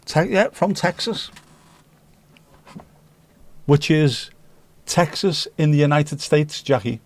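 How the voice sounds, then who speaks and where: Taking it slowly, an animated man with a higher-pitched voice and a Scouse accent from Liverpool hosts a casual livestream. He chats and jokes with viewers and reads out their comments.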